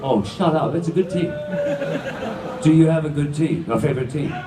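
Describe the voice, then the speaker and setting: A man in his fifties running stage games at a banquet, loudly teasing the contestants. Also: on the high side, moderate pace. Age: 50s. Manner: teasing, loud and joking. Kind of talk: live stage banter with audience. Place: large banquet hall. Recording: echoey hall, distant, crowd noise.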